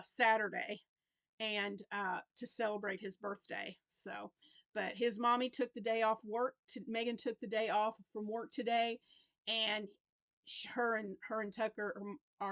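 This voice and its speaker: This crochet vlogger is a fifties-aged grandmother whose Southern American voice sits at a medium pitch with a slightly bright edge. The recording is dry, and she talks to camera about her week in a loose, rambling way, often starting over.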